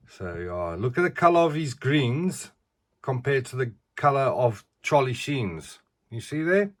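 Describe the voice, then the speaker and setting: A man's voice: medium pitch, very animated, a little slow. A middle-aged man, chatting casually as he reviews collectible figures and often ends sentences with "eh".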